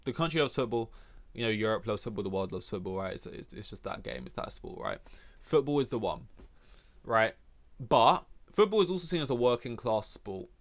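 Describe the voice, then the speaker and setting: A man's voice: lowish voice, lively intonation, fairly quick. Young English male podcast host, rambling and profane, talks in loose self-mocking asides. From England. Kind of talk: casual solo podcast rant.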